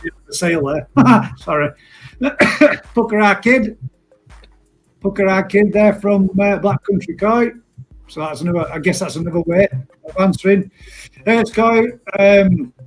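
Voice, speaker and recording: A high-pitched, husky man hosting a relaxed live chat. He laughs easily, rambles through his thoughts and keeps calling everyone mate. Faint music plays softly behind him. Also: normal speed, rough recording. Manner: chatty, laughs often, calls people mate. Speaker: live stream host.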